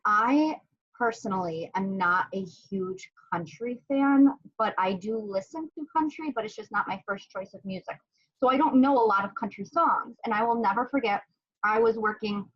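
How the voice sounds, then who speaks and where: A woman's voice: mid-range voice, normal speed, a bit bright, highs cut off. A woman in funeral work chatting candidly and telling a heartfelt story in a casual way. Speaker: licensed funeral professional, co-host. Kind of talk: casual chat over wine.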